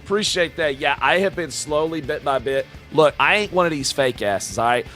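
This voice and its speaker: A man live-streaming, talking with chat in a loud, profane, hyped-up way and dropping into quieter, heartfelt asides between whoops. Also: a little high, animated, moderate pace, faint music behind. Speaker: live-streamer reacting to game announcements. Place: home streaming room with shelves of games.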